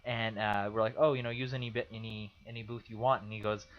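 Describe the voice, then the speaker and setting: A man's voice: fairly low pitch, quick pace. A young man from California, a podcast co-host, telling stories in casual chat and acting out the people he quotes. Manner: animated storyteller, acts out quotes loudly. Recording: dull lo-fi sound.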